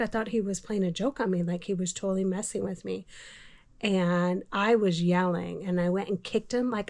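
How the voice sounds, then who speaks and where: A middle-aged woman vlogger telling a personal story in a casual, hesitant way, with many pauses and fillers. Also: mid-range voice, fairly even intonation, darkish tone. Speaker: homestead vlogger.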